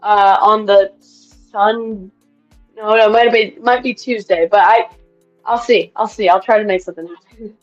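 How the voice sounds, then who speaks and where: A young woman co-hosting a casual chat, excitable and full of fillers and restarts. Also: medium pitch, moderate pace, faint music behind. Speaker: co-host, racer. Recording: dull lo-fi audio.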